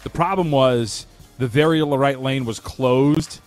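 A man's voice: mid-range voice, takes it slowly, faint music behind. A man co-hosting a sports talk radio show, giving emphatic, opinionated takes. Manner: opinionated, emphatic, self-mocking. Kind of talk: casual sports radio banter.

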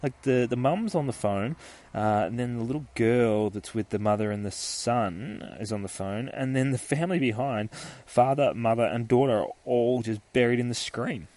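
A man's voice: mid-range voice, normal speed, a little mellow, no room sound. A man in his thirties hosts a podcast, rambling and swearing casually while reviewing a comic book. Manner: rambling and sweary, with many fillers. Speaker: podcast host.

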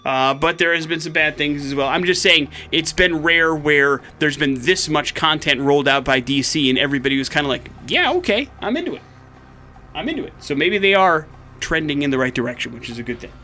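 Chatty male morning show host, lively storyteller, bright timbre. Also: fairly high pitch, brisk, few pauses, soft background music. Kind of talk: casual radio banter and storytelling. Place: radio studio.

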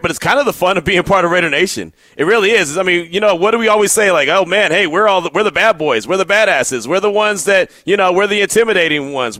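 This sports radio talk show host is a man who tells stories with animation and keeps repeating words along the way. His voice sits high, with no room sound in the recording.

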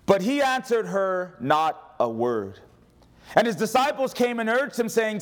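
Guy preaching a sermon, jokey and animated, keeps getting the crowd to answer back. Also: high voice, normal speed. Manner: animated preaching with humor and call-and-response. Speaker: pastor.

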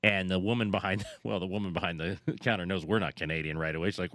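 A man co-hosting a sports radio show, telling stories in a lively, laughing way. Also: fairly low pitch, fairly quick. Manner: animated storyteller, laughs often. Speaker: radio co-host. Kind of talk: casual sports radio chat.

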